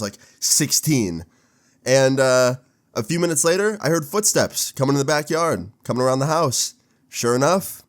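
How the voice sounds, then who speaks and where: Laid-back young man telling a story. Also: medium pitch. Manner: animated, swearing, laid-back slang. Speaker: storytime vlogger. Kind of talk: casual storytelling.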